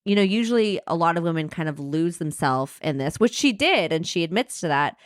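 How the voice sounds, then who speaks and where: A bubbly woman co-hosting a podcast, her pitch bouncing all over as she chats and laughs. She is recorded close and dry, with no room sound. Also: brisk, dry recording. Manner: bubbly, laughs often, lively delivery. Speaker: podcast co-host. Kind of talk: casual podcast chat.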